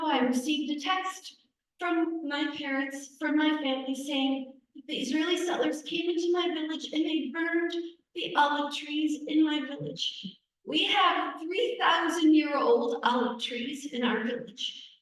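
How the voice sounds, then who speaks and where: A middle-aged woman from the United States tells a personal story to a gathering at a church, her voice pitched high. She speaks conversationally, repeating phrases for emphasis. The recording catches her from a distance in a big, echoey hall. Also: measured pace. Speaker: invited speaker.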